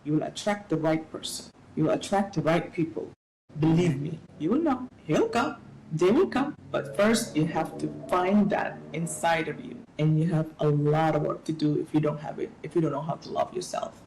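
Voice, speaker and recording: A middle-aged woman speaking as an interview guest, giving animated, preachy advice with playful asides. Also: low-pitched, moderate pace, slight background noise, rough recording. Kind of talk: casual interview talk.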